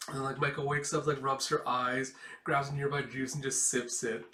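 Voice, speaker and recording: A man giving excitable, casual read-along commentary on a comic, laughing often. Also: mid-range voice, normal speed, reverberant. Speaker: comic reviewer.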